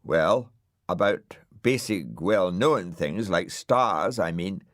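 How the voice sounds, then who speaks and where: Grumpy pompous storybook dog done by a man, huffy and indignant, dry close sound, unhurried. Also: low voice, expressive, no echo. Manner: indignant, sulky, grandly aggrieved. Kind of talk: audiobook character voice.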